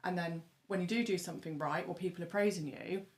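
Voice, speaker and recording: A woman co-hosting a casual podcast chat, animated and laughing often, repeating words as she talks. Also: lowish voice, quick pace. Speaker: podcast co-host. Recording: roomy studio echo.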